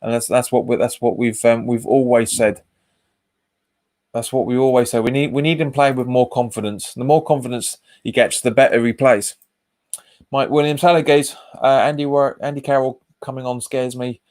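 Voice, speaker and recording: A man talking through a live football watch-along, mid-pitched and relaxed. He chats casually, reacts to the match and to his viewers' comments, and calls them "mate," all picked up by a webcam. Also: normal speed. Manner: casual, says "mate" often. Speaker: host of a football fan channel.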